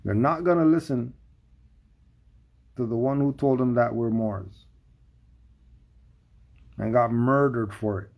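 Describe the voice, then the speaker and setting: A man's voice: mid-range voice, slow, creaky, pauses often, muffled recording. A man giving emphatic livestream commentary, firing off rhetorical questions.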